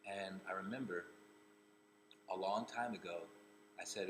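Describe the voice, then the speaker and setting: Low-voiced comedian guy from rhode island rambling through a story, lots of restarts, little hiss behind. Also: normal speed, pauses often, low-quality recording. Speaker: comedian and actor. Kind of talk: casual personal storytelling.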